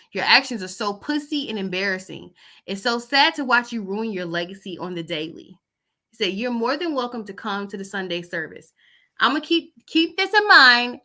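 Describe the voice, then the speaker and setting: A woman's voice: medium pitch, sharp tone. A woman chatting casually as host, reading out text messages with loose asides.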